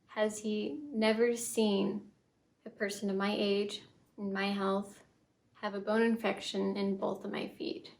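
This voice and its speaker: A young woman telling her own story in a vlog, soft and halting, with many fillers and restarts. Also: medium pitch, gravelly. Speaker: vlogger.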